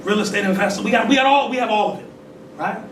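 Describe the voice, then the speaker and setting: A man's voice: sits high, quick pace. A man giving a call-and-response religious talk, conversational and full of "right?" tag questions. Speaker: temple leader giving a talk. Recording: echoey distant room recording with noise.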